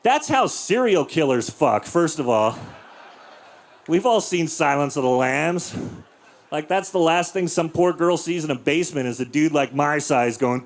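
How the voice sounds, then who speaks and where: A man in his forties performing a stand-up comedy set on a club stage, telling crude stories deadpan and bursting into loud acted-out voices. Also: fairly high pitch, a little slow.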